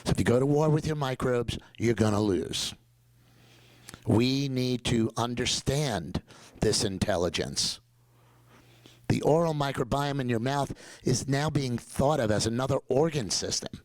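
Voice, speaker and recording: A middle-aged man with a New York accent, giving an animated, joking presentation as a dentist. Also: medium pitch, measured pace, dry recording, rough recording. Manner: animated, joking, emphatic storyteller. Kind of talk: conference presentation.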